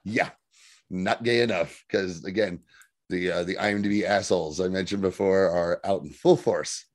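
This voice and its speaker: A man co-hosting a podcast recaps a TV episode in casual chat, swearing heavily and acting out lines as an animated storyteller. His low-pitched voice moves at a normal speed, captured in a dry, studio-quality recording.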